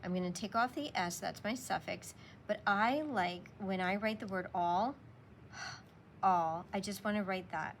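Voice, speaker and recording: A woman teacher giving a slow, patient spelling lesson, sounding out words for young students. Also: mid-range voice, a little hiss or hum.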